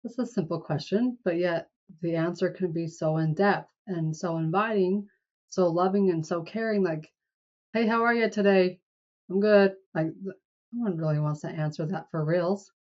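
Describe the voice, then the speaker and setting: Lower-voiced woman host, warm encouraging chat, bit muffled lo-fi audio. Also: moderate pace. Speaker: podcast host. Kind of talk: interview podcast chat.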